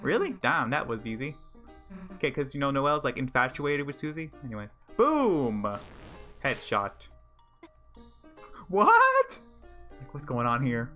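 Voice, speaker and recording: A man's voice: medium pitch, a little fast, bright, forceful tone, faint music behind. A man streaming a video game, talking casually in slang and rambling with frequent restarts. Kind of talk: live game commentary.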